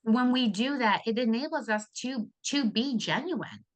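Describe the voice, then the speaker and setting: A woman in her fifties talks as a guest in a relaxed interview, her voice sitting fairly high. She speaks in an animated way, breaking off and restarting her sentences and laughing easily. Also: a little slow. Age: 50s. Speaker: guest, therapeutic riding founder. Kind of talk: casual interview chat.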